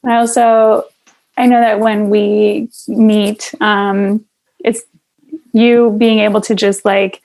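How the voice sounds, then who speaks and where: A young woman hosting a podcast, talking reflectively in casual conversation with soft laughs and plenty of fillers. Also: mid-range voice, flat delivery, takes it slowly, low-quality recording. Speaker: podcast host.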